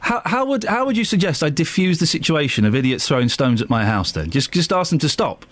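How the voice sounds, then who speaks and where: Man, British accent, radio host, combative, mocking, animated pitch, dry studio. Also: fairly quick, no room sound. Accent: British English. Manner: combative, mocking, puts on silly voices for quotes. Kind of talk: argumentative radio chat.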